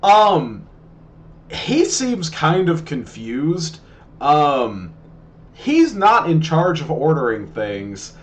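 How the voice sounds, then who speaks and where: A man narrating as game master of a tabletop game, talking in a halting way with many restarts. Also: fairly high pitch, sing-song.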